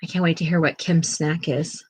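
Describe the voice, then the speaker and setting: A woman with a low-set, husky voice chats casually at home, winded and catching her breath between exclamations. The sound is close and dry, with no room around it. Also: level tone, moderate pace, dry recording, low-quality recording. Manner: chatty, exclaiming. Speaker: co-host of an art channel. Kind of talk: casual chat.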